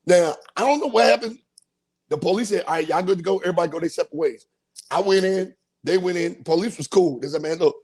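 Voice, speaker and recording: A man's voice: sits high, darkish tone, breathy edge. A man hosting a podcast, telling a profane comic story and acting out voices and sound effects. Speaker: podcast host.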